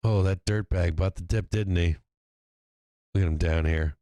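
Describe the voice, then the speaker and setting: A man hosting a live stock market stream, commenting on trades in a profane, excitable way and laughing often. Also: low-pitched, normal speed, dry recording. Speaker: stock market livestream host.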